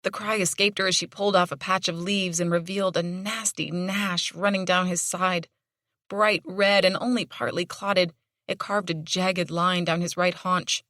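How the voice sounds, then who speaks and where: A woman narrating an audiobook in a measured, storytelling manner. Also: fairly low pitch, steady tone, bright, forceful tone, no echo, clean studio sound. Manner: measured storytelling with dramatic tension. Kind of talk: scripted narration.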